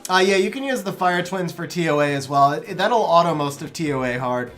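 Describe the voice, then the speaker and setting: A man's voice: on the high side, animated, fairly quick, fairly bright tone, faint music behind. A young adult man streaming a game live, reading out chat messages in a laid-back way, chuckling often and calling viewers bro.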